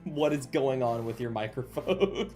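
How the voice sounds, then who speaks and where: A woman's voice: extremely low pitch, animated, measured pace, mellow, soft background music. A woman running a tabletop game as game master, easygoing and often laughing. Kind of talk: casual game chat on a voice call.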